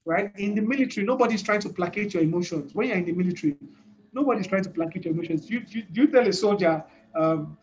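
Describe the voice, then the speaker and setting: A man's voice: high voice, lively intonation, brisk, long pauses, rough recording. A male preacher giving a sermon in an emphatic way, repeating his points and laughing between them.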